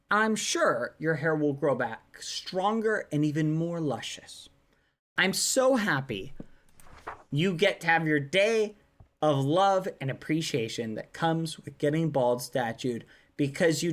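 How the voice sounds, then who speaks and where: Female streamer, affectionate, unhurried delivery. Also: low-pitched, big pitch swings. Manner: soft, affectionate, laughs often. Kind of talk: reading fan messages aloud on a livestream.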